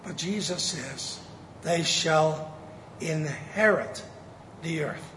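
A man preaching a sermon, slow and emphatic, drawing out the key words. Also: a little high, fairly bright tone, a little hiss or hum. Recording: echoey hall with faint ambience.

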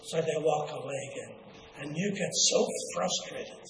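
Older preacher in an echoey hall. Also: male voice, a little high, slight background noise. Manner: slow, earnest, drawn-out delivery with quoted asides. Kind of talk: sermon. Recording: echoey hall, faint ambience.

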